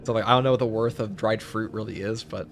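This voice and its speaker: Talking quickly in a lowish voice with fairly even intonation, this man streams gameplay and chats casually, drifting between jokes and filling gaps with filler words. A faint background hum lies under his voice.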